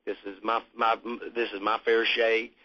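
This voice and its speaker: Man, musician interviewee, casual rambling talk, husky voice, muffled lo-fi sound. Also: fairly low pitch, little pitch movement, moderate pace, pushed and bright. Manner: rambling, profane, laid-back. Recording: muffled lo-fi recording.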